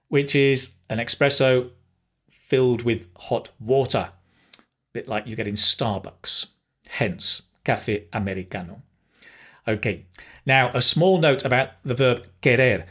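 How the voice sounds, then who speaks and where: A man teaching a beginner language lesson, speaking slowly and carefully and pausing so learners can repeat phrases. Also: medium pitch, slightly rough. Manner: slow, careful, encouraging, pauses for repetition; switches between English and Spanish phrases. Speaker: Spanish teacher.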